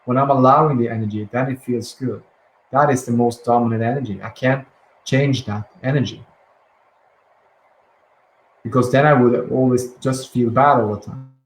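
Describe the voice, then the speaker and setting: Gentle man guiding slow breathing. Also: mid-range voice. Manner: soft, slow and gentle, with calm pauses and restarts. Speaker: guided release teacher. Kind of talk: guided breathing and affirmation session. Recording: echoey room with faint ambient noise.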